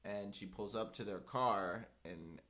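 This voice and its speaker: A man's voice: lowish voice, slow pace. A young man casually telling a story with lots of fillers, acting out the voices of the people he quotes. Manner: animated, filler-heavy, acts out quoted voices.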